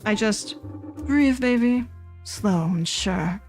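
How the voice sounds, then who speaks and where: A tender old grandmother, voiced by a woman reading a game aloud, talks slowly and soothingly. Her lively, higher voice rises and falls warmly. Soft game music plays faintly underneath. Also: gravelly. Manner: slow, soothing and affectionate. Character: gentle doting old grandmother on the phone.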